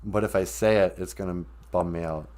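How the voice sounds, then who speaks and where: A man's voice: sits low, fairly even intonation, fairly quick, darkish tone. A man hosting a live stream from home, talking candidly and rambling, with frequent asides that interrupt himself. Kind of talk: casual live-stream talk.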